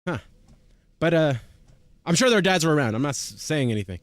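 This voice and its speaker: A man's voice: fairly high pitch, fairly quick, dry recording. Chatty young man from Chile. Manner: chatty, easily amused, animated. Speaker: reaction channel host. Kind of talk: casual reaction commentary.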